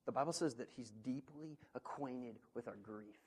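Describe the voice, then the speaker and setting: A man preaching a sermon as pastor, earnest and conversational, swinging between quiet, intimate asides and loud, emphatic passages. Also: mid-range voice, moderate pace, slightly rough. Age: parent of children. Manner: earnest, with conversational fillers and restarts.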